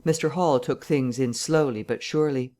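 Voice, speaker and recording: A man narrating a classic novel audiobook in a measured, even reading. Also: medium pitch.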